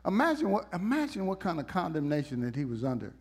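A man with a high voice preaches in a church. His sermon is animated and conversational, and he teases the congregation as he goes. He swings between loud, emphatic bursts and hushed, gentle passages. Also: quick pace, breathy edge.

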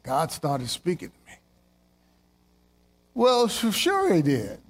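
High-voiced man preaching a sermon. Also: takes it slowly. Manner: animated, jokey, jumps into playful voices; repeats lines for emphasis.

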